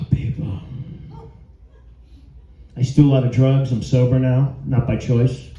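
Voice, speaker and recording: Here the middle-aged stand-up speaks in a mid-range voice with a flat, unhurried, mellow delivery, still doing crude, brash jokes and crowd work. The comedy venue recording is roomy and dull, with a little hiss or hum.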